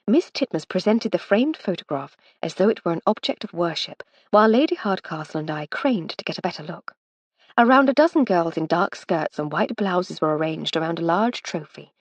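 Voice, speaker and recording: Breathy woman reading a mystery novel. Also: lowish voice, animated, no room sound. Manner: measured storytelling, first person. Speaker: audiobook narrator. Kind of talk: scripted narration.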